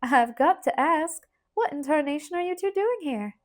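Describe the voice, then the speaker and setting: Brisk storybook aunt with a peppery twang and mellow tone, read by a woman, teacherly and emphatic. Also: high voice, lively intonation, pitched above the performer's own voice. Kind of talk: audiobook character voice.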